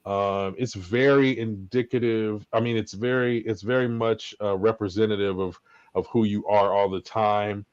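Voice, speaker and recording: A middle-aged man co-hosting a podcast, telling a story in a casual, lively way and acting out what people said. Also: lowish voice, normal speed, clean tone, no echo. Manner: lively, animated storyteller who acts out quotes. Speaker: podcast co-host. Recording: slightly dull lo-fi audio, dry.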